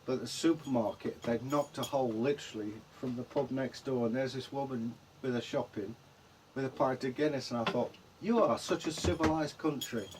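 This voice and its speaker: A man's voice: medium pitch, fairly even intonation, brisk, noisy background. An English man co-hosting a vlog in casual chat, rambling and trailing off mid-sentence. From England. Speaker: vlog co-host.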